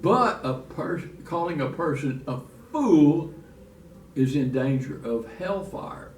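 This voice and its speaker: A man's voice: fairly high pitch, lively intonation, takes it slowly. A man teaching a church Bible lesson in a folksy, restarting way, reading scripture aloud. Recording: echoey room from far off, faint noise.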